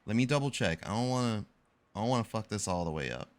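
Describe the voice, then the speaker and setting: A man's voice: fairly low pitch, expressive, quick pace. A young man chatting casually on a live stream, rambling and correcting himself as he tells a story in slangy talk.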